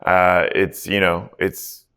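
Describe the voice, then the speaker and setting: A podcast host with a low voice and a smooth, resonant tone. He talks in casual chat, opinionated yet reflective as he weighs his views. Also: level tone, slow pace, a bit bright.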